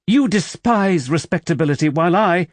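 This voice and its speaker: A woman's voice: fairly low pitch, expressive, normal speed, dry recording, pitched above the performer's own voice. A man voicing a proud, wary young widow who works as a paid companion, speaking tensely and defensively in an audiobook.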